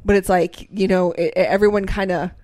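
A woman's voice: medium pitch, steady tone, a little fast, darkish tone, no room sound. A woman co-hosting a podcast in casual chat, chatty and full of restarts. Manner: chatty, with many restarts and laughs. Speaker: podcast co-host.

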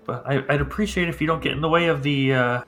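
Creepy old priest in a tabletop game, hushed and condescending, bright-toned, as the game master puts him on. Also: male voice, fairly high pitch, quick pace. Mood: reassuring. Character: creepy old male priest, soft and unsettling.

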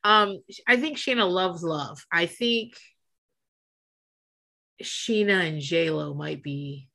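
A woman co-hosting a podcast in casual chat, animated and gossipy, laughing often and swearing freely. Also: fairly low pitch, slow pace, gravelly. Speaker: podcast co-host.

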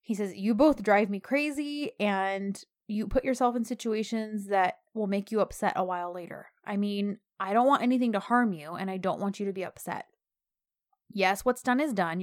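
A woman casually recapping a drama episode with a co-host, acting out the characters' lines with rising emphasis. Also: medium pitch. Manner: animated retelling, acts out the lines with rising emphasis. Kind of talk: casual chat.

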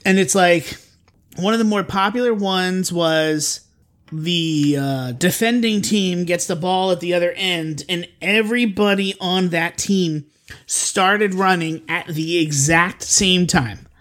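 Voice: mid-range voice, takes it slowly, a bit bright. A podcast host chatting casually and jokingly with a co-host, often rambling and correcting themself mid-sentence. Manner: playful, jokey, rambling with self-corrections. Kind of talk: casual comedic podcast chat.

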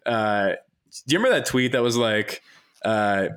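A man's voice: on the low side, animated, normal speed, fairly bright tone, clean tone. A man hosting a casual chat, recapping a movie in a joking, profane, rambling way. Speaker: podcast host.

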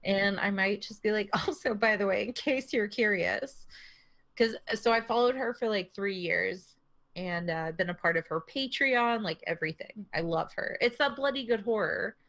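A woman's voice: medium pitch, moderate pace, a bit bright. A woman co-hosting a casual podcast chat, laughing often and swearing casually. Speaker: podcast co-host.

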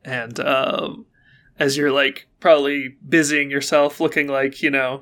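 A man narrating as game master of a tabletop game, relaxed and hesitant, full of fillers. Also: mid-range voice, unhurried.

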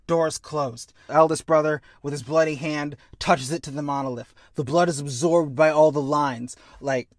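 A young man chatting casually, acting out a story pitch with quick voice changes and swearing. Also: steady tone, no echo, clean studio sound. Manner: acts out scenes with quick voice changes. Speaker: podcast co-host pitching a story. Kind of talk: animated storytelling chat.

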